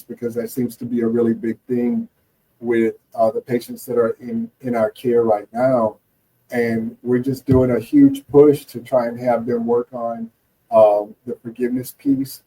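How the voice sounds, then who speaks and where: A man's voice: mid-range voice, warm tone, breathy edge, far from the mic, low-quality recording. A man with a Southern US accent, a therapist guest speaking in an interview, earnest and hesitant with many fillers. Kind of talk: casual interview chat.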